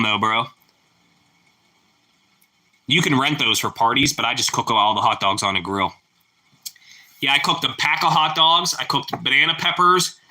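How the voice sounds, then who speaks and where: A young man hosting a casual live chat with viewers, relaxed and chatty, breaking into loud whoops of delight. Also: on the high side. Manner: relaxed, chatty, exclaims "woo" over food. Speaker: livestream host.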